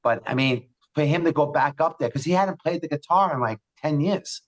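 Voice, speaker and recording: A man's voice: a little high, brisk, rough recording. A man co-hosting a podcast in casual chat, rambling enthusiastically through stories. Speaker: podcast co-host.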